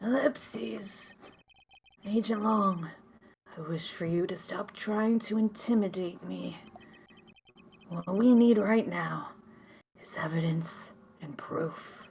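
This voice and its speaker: A woman putting on a sly old crime boss who speaks in a breathy near-whisper. The voice is menacing and defiant. It is drawn out and unhurried. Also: medium pitch, a little hiss or hum. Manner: breathy, hushed, menacing delivery. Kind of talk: reading game dialogue aloud with friends.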